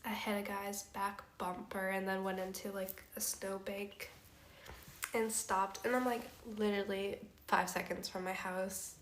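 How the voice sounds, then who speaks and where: A young woman tells a casual story on stream, laughing easily and leaning on fillers. Her voice sits at a middle pitch. The room around her has a roomy echo. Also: little pitch movement, a little slow, a bit bright, a little hiss or hum. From Canada. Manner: chatty, laughs often, filler-heavy. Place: house room.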